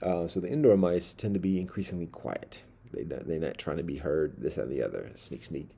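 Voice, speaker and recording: A man with a low, gravelly, husky voice rambles through a story in a dim candlelit room. His delivery is wordy and dark-toned, full of fillers and false starts. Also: expressive, a little fast. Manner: wordy, many fillers and restarts.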